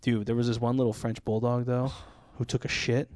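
A man's voice: medium pitch, little pitch movement, a little fast, darkish tone, no echo, clean studio sound. A man co-hosting a podcast, telling stories in casual chat with lots of laughter and swearing. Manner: laughing, swearing, slangy storyteller. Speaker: podcast co-host.

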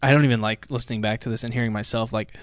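Male podcast co-host, deadpan straight man, middle pitch, very dry close mic. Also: very fast, clean tone, dry recording. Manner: deadpan, dry one-liners, storytelling. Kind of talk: casual comedic chat. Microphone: studio microphone.

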